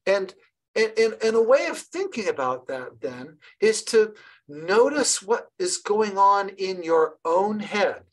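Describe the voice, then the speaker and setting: A woman leading an online training session for early childhood educators, lively and encouraging, often restarting her sentences. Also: medium pitch, slow, low-quality recording. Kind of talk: online professional development session.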